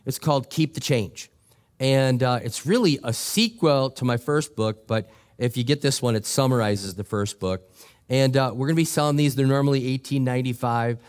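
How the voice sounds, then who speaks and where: A middle-aged male pastor preaching a sermon, telling a joking, animated story with quoted voices. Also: medium pitch, normal speed, smooth. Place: church sanctuary.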